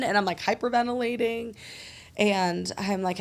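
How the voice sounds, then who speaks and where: With a medium pitch and moderate pace, this young podcast host recounts something personal in a casual, chatty way. Her telling is lively, heavy with "like" fillers and frequent swearing.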